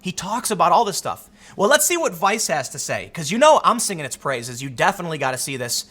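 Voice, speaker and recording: A young man giving a casual, emphatic commentary monologue, often repeating words as he gets excited. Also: on the high side, quick pace. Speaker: political commentary host.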